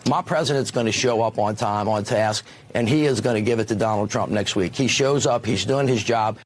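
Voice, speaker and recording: A man's voice: fairly low pitch, fairly quick. A man being interviewed as a campaign co-chair, talking combatively and dismissively. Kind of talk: cable news interview.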